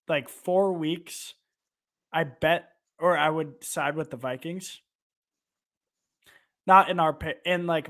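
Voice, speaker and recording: A man's voice: a little high, fairly bright tone. A man co-hosting a podcast, chatting casually and playfully about football bets and teasing his friend. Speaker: podcast co-host. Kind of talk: casual sports betting chat.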